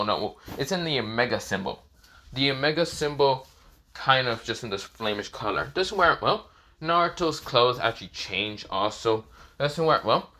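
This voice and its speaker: Man, improvised fan-fiction narration, rambling, lots of fillers, bright voice. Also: mid-range voice. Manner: rambling, restarts with "this is where, well". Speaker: storyteller.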